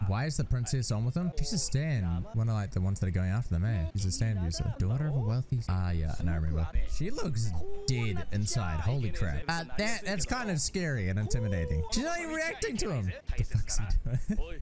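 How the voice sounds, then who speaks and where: A young man reacting to an anime episode in casual commentary, excitable and swearing, with sudden high yelps. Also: brisk, music in the background.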